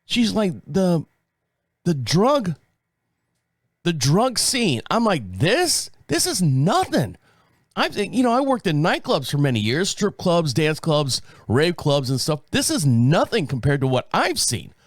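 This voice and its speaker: A man's voice: on the high side, wildly swooping pitch, slow pace, no room sound, studio quality. A middle-aged man hosting a podcast, telling a casual rambling story with chuckles and repeated phrases. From United States. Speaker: podcast host.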